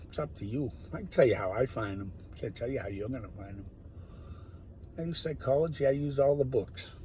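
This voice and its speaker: Rambling man, noisy recording. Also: medium pitch. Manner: rambling, drifts between loud bursts and muttered whispers. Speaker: solo talker. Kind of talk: rambling monologue.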